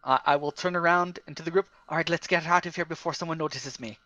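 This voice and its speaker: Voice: medium pitch, fairly even intonation, fast talker, sharp tone, no room sound, muffled recording. A player in a tabletop game, bantering jovially in and out of character.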